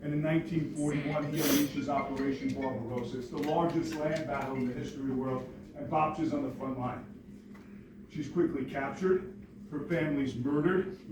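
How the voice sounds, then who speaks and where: A man in his forties from New York, telling a personal story to an audience in a joking, lively way. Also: medium pitch, background noise. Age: 40s. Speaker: motivational speaker. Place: large hall with audience. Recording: echoey hall from far off.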